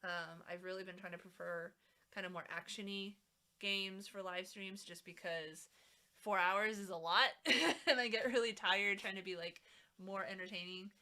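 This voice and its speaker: Brief: female streamer, rambling casual chat, lots of ums, crisp bright tone, mic a bit off the mouth. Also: mid-range voice, steady tone, moderate pace. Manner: rambling, chatty, many fillers. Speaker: live streamer. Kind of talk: casual chat while crafting. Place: home streaming setup. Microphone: mic set a little away from the mouth.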